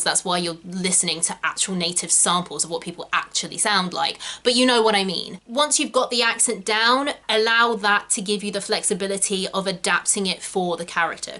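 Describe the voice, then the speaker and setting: A young woman from England teaches actors in a chatty, emphatic way, full of quick asides. Her voice is bright and clear, with an ordinary middle pitch. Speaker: acting coach. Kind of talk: talking-head tutorial.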